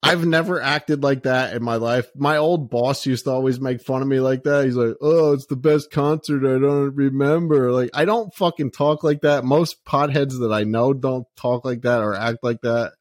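A man's voice: mid-range voice, normal speed, few pauses, no room sound. A man co-hosting a podcast in casual chat, rambling with plenty of fillers and swearing. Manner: rambling, profane, lots of "like". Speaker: podcast co-host.

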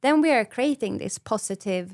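A woman's voice: on the high side, lively intonation, normal speed, darkish tone, no room sound. Woman explaining brain stuff on a podcast, acts out little scenes, dry close mic. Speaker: brain specialist guest. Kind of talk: podcast interview.

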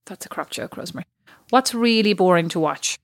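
A woman's voice: lowish voice, brisk, no room sound, clean studio sound. A woman co-hosting a podcast in casual chat, who rambles and laughs at her own jokes. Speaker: podcast co-host.

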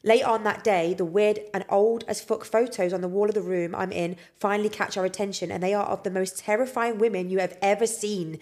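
Woman podcaster, young, animated and sweary, laughs a lot. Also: medium pitch, a little fast, few pauses. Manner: expressive, swears freely, laughs often. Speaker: podcast co-host. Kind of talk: casual chat, reading listener stories.

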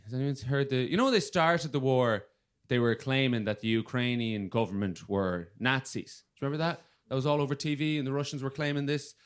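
A man's voice: mid-range voice, a bit bright, smooth. An Irish man from Galway co-hosting a podcast, chatting and ranting with lots of swearing and laughter. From Ireland, Galway. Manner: swearing, laughing, rambling rants. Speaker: podcast co-host, comedian. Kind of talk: casual comedic chat.

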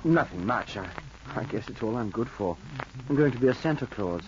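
A man's voice: medium pitch, lively intonation, fairly quick, natural voice. A man playing a shy, stammering suitor. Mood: shy, earnest. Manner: hesitant and stammering, many restarts. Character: meek, shy male con man courting a lonely woman. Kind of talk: 1940s radio acting. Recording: muffled old radio recording with hiss.

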